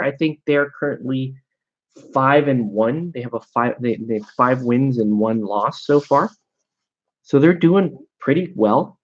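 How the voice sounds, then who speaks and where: A man chatting casually and rambling with amusement as he paints miniatures at his hobby desk. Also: medium pitch. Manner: slow, rambling, self-amused. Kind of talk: casual chat while painting. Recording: dull lo-fi sound.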